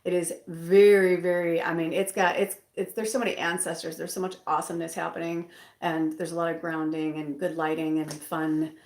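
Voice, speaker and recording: A woman reading tarot who talks in a loose, rambling way, trailing off and restarting often. Her voice sits slightly low for a woman. The room around her adds a noticeable echo. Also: little pitch movement, brisk, darkish tone. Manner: rambling, with many fillers and restarts. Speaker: tarot reader. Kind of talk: casual rambling chat. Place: bedroom at home. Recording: roomy echo.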